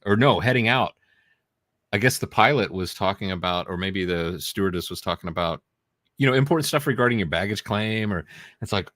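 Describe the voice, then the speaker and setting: A man's voice: lowish voice, brisk, fairly bright tone, no room sound, clean studio sound. A man co-hosting a podcast, telling funny stories in casual chat and laughing often. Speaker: podcast co-host.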